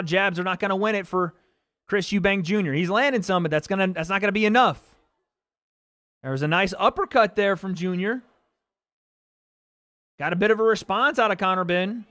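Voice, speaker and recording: A man's voice: sits high, normal speed, pauses often, no room sound, studio quality. A man hosting a livestream watch party, calling the punches live and swearing as the action builds. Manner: excitable, swearing, calls punches. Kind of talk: live fight commentary.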